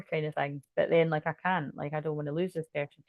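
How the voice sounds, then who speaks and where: A woman talks through a tarot spread in a loose, rambling way, often restarting her sentences and dropping swear words. Her voice sits a little low for a woman. The sound is dry, with no room echo. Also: level tone, quick pace, narrow, tinny audio. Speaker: tarot reader. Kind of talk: casual tarot card reading.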